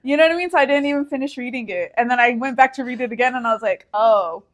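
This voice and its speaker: A woman's voice: a little high, very fast. A young woman co-hosting a podcast, bantering and teasing in a giggly, casual way. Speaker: podcast co-host. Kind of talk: casual chat.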